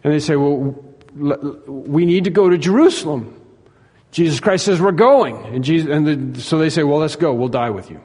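Earnest preacher with hall reverb. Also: male voice, on the high side, moderate pace, dark tone, husky. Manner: earnest, repetitive, acts out dialogue in the text. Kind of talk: sermon.

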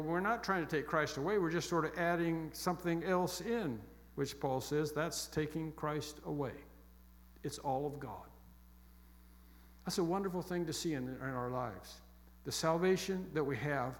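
A man preaching a sermon with emphatic, repeated phrases that fall soft and quiet toward the close. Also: fairly high pitch. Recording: long echo of a large hall.

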